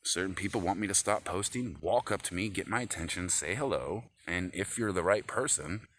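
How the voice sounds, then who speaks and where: A man's voice: deep voice, moderate pace, hardly any pauses, fairly bright tone, slight background noise. A man rambling into his phone camera in an agitated, profane rant. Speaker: vlogger.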